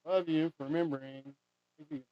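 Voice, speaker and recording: A man's voice: on the high side, fairly quick, dry recording. A man rambling in a casual monologue as he makes a money charm, swearing often and trailing off mid-thought. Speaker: vlogger making a money charm. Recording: dull lo-fi dry sound.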